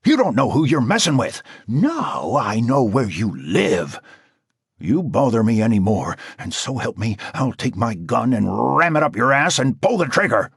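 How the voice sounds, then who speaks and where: Voiced by a man, a hot-tempered cop snarls threats with a husky edge, his voice jumping high as the anger spills out. The read is dry and close, in an audiobook style. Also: sing-song, unhurried, no echo, full character voice. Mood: furious. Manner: threatening, shouting. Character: furious middle-aged cop, hot-tempered. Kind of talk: audiobook character voice.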